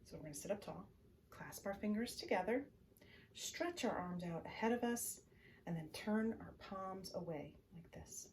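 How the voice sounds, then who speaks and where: A woman librarian leading a bedtime story time for children. She speaks in a gentle, soothing way and often drops to a whisper. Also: medium pitch, expressive, normal speed, a little hiss or hum. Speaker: children's librarian reading stories.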